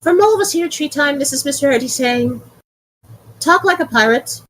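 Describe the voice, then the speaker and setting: Woman host, high voice, giggly, casual podcast chat. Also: expressive, fairly quick, a bit bright, poor audio. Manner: giggly, reads with frequent laughs. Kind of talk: casual chat, reading aloud.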